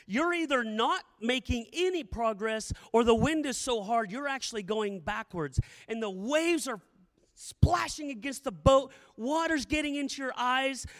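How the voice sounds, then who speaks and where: Middle-aged man, pastor, sermon, dramatic storytelling, repeats phrases, very high voice, long hall echo. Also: a bit bright.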